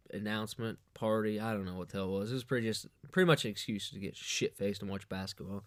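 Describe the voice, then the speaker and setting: A man's voice: medium pitch, smooth, dry recording, clean studio sound. A man hosting a podcast, telling a crude, rambling comic story with lots of swearing and bragging. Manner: profane, boastful, loose storytelling. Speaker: podcast host.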